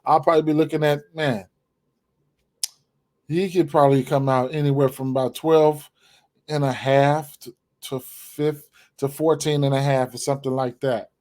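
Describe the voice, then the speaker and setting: A man's voice: a little high, fairly even intonation, normal speed, pauses often, a little mellow. A man giving his sports betting picks in casual, rambling talk, full of fillers and repeated words. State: hiccups, clearing throat.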